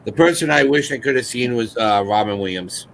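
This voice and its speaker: Man, host, casual chat, bright forceful voice, laughs a lot, faint noise behind. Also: mid-range voice, fairly quick, gravelly. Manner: laughs often while retelling jokes.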